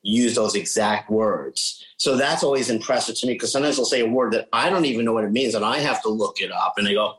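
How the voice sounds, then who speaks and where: A man's voice: lowish voice, quick pace, hardly any pauses, rough recording. A man, a psychic medium talking casually in an interview and imitating voices as he explains. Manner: chatty, animated, imitates voices he describes.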